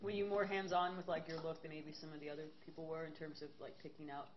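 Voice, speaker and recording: A woman interviewer asking quick, probing questions in a casual chat. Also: sits low, level tone, dull audio, heavy background noise.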